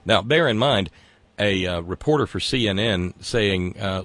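A man's voice: fairly low pitch, expressive, measured pace, fairly bright tone, no room sound. A man hosting a satirical political rant. He is sarcastic and exasperated and stammers as he talks. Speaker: host.

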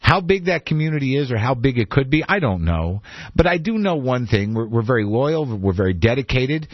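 A man's voice: mid-range voice, sing-song, a little fast, no room sound. Man, radio talk host, rambling, self-deprecating, dry close sound, dull lo-fi broadcast.

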